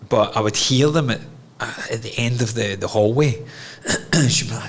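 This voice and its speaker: A man's voice: mid-range voice, unhurried, a little hiss or hum. A Scottish man in a candid podcast conversation, telling a personal story in an earnest, reflective way and swearing freely. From Scotland. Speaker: podcast guest.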